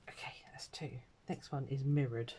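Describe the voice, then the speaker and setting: A woman's voice: rumbling low, fairly even intonation, unhurried, dark tone. A woman vlogger chatting casually as she crafts, self-deprecating, muttering asides to herself and sometimes dropping to a whisper. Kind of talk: casual crafting chat while working.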